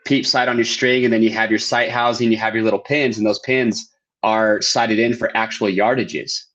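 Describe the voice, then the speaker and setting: A man's voice: lowish voice, fairly even intonation, moderate pace, fairly bright tone, muffled recording. An American man, a podcast guest, chatting casually and explaining things in detail. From United States. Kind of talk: casual interview chat.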